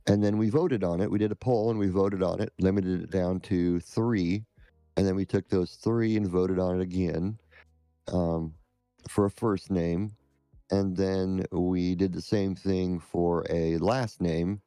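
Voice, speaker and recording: A man who streams scam-baiting, answering interview questions in a halting, measured way. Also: sits low, fairly even intonation, dark tone, clean tone, no room sound, soft background music.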